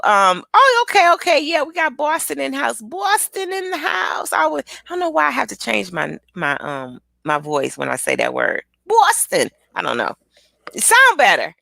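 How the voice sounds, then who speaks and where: Animated, gravelly motivational woman. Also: medium pitch, no echo. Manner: lively, chatty, talks straight to viewers. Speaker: motivational speaker hosting a live stream. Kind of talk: casual motivational live chat.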